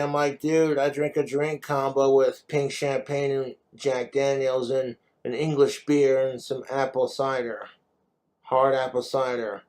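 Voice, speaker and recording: A man's voice: mid-range voice, level tone, measured pace, darkish tone. A man vlogging in a rambling, profane rant while he has been drinking. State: drinking, tipsy.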